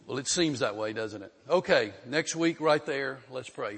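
Older man teaching a Bible class, husky. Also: medium pitch, lively intonation, normal speed, hardly any pauses, a bit bright. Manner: conversational, asks the class questions. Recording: long reverb in a large hall.

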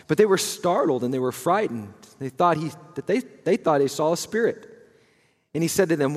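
A man preaching a sermon as dramatic storytelling, moving from hushed, somber lines to fervent, rising passages. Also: a little high, expressive, normal speed, long reverb tail. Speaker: pastor.

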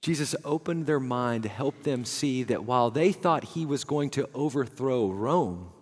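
A man preaching a sermon as dramatic storytelling, moving from hushed, somber lines to fervent, rising passages. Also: mid-range voice, lively intonation, unhurried, long reverb tail. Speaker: pastor.

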